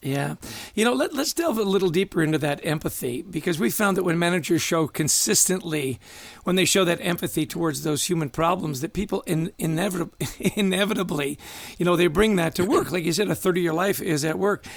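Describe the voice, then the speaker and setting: Gravelly man asking long questions. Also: high voice, brisk, no room sound. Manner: talks in long questions with fillers like "you know". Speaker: interviewer host. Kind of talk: casual interview questions.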